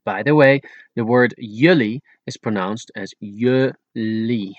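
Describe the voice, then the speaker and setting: A man narrating an audiobook language lesson in a plain explanatory way, slowing down for each example word. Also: on the low side, dry recording, dull audio. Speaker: audiobook narrator teaching Dutch. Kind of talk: read-aloud language lesson.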